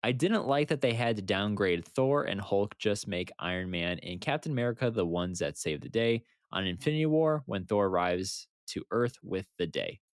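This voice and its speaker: Lively low-voiced man on a casual podcast. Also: normal speed, few pauses, no room sound, studio quality. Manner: animated, laughing often, quoting movie lines. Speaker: podcast co-host. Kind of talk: casual chat.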